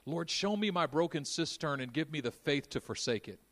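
A man preaching a sermon, moving between quiet intimate passages and loud, fervent stretches. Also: a little high, animated, moderate pace. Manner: dynamic, swings from hushed to shouting.

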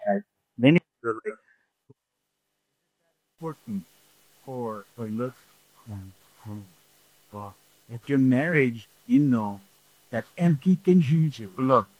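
A man's voice: mid-range voice, expressive, slow, long pauses, a little mellow, no echo, low-quality recording. A man preaching a sermon who restates his points and keeps asking the congregation "right?". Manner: repeats points, asks the room "right?". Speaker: pastor.

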